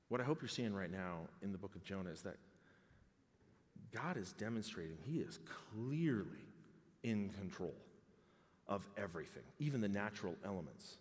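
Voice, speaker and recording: A male pastor preaching an expository sermon, swinging between loud exclamations and hushed, intimate tones. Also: on the low side, sing-song, normal speed. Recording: long hall reverb.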